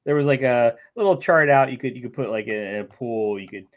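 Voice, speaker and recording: A man's voice: mid-range voice, fairly quick, phone-quality sound. A man in casual conversation, joking around and laughing easily. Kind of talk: casual chat.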